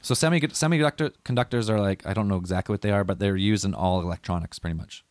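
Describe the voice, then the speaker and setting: Rambling, profane man, low voice. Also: fast, a little mellow, no room sound. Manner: rambling, profane, loses his notes. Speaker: podcast host. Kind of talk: casual conspiracy podcast chat.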